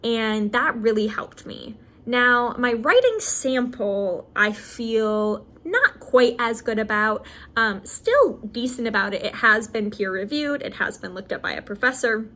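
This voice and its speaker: A woman's voice: fairly high pitch, sing-song, a little slow, bright, forceful tone. A woman in her twenties, a graduate student, talking candidly to the camera in a casual study vlog, chatty and full of fillers and self-corrections. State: briefly emotional.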